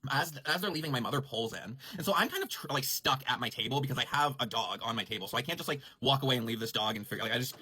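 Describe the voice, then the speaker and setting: A man's voice: mid-range voice, lively intonation, racing, hardly any pauses, pushed and bright, husky, dry recording. A man casually telling a rambling story about his grooming salon, full of "like" and self-corrections. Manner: rambling, heavy use of "like", frequent self-corrections.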